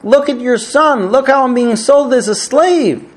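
A man's voice: very high-pitched, measured pace, voice pushed up. A man voicing a young man who weeps and pleads urgently with his dead mother. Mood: tearful pleading. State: crying.

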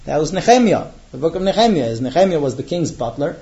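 A man teaching a Torah class, chanting the Hebrew verses slowly before translating them and telling the story with acted-out dialogue. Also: a little high, big pitch swings, mellow, highs cut off.

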